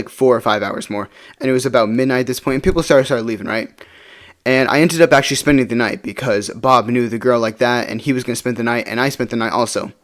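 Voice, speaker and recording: Fast-talking young man telling a story. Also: mid-range voice. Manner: rambling, keeps asking "right?", swears casually. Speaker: storytime vlogger. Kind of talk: casual storytime monologue.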